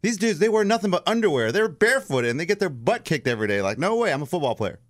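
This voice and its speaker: A man co-hosting a casual sports talk show, self-deprecating and quick to laugh. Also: a little high, big pitch swings, no echo, studio quality. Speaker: co-host.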